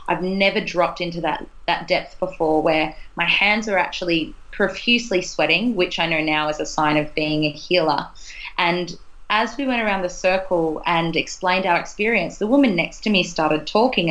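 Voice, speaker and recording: A woman's voice: lowish voice, fairly bright tone, rough recording. A young adult woman from Australia telling a personal story in an earnest, chatty way as an interview guest. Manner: earnest, chatty, laughs between thoughts. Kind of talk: casual storytelling in a podcast interview.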